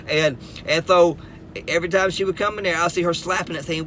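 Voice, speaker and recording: Talking fast in a high, bright voice, a middle-aged man tells a comic story from his own life with Southern US phrasing. He's animated, jumps around in pitch, repeats words and laughs at his own jokes over a faint hiss.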